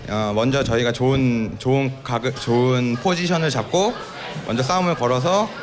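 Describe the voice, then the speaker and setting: A man's voice: medium pitch, very fast, crowd noise. A male pro player answering interview questions, matter-of-fact. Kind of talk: post-match interview answers.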